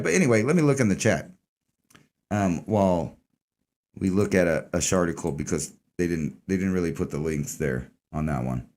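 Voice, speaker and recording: A man's voice: fairly low pitch, lively intonation, normal speed, darkish tone. A man hosting an online news commentary stream, talking casually, sarcastic, rambling and full of swearing.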